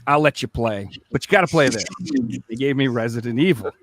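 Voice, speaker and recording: A man co-hosting a podcast in casual chat, telling a story with lively acted-out reactions. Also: mid-range voice, brisk. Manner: animated storyteller acting out his own past reactions. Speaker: podcast co-host.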